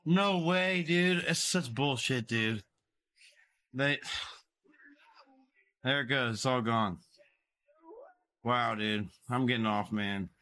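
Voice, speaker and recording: A man streaming live, swearing a lot and yelling, with big swings between shouting and low grumbling. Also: slow pace, pauses often. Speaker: livestreamer.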